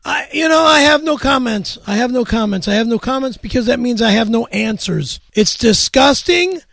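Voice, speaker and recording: Furious guy yelling, high sharp gravelly voice, stammers a lot. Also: lively intonation, moderate pace, no echo. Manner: angry, shouting, stammering outbursts.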